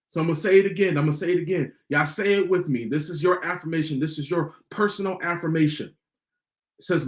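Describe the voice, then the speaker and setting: A man's voice: a little high, lively intonation, fairly quick. A man hosting a podcast, giving a motivational talk in a preachy way and repeating lines for emphasis. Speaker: podcast host.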